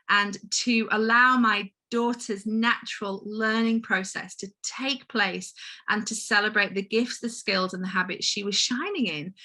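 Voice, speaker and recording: A woman's voice: medium pitch, pushed and bright. A woman giving a personal conference talk as a home-educating mother, speaking earnestly and heartfeltly and addressing the audience directly.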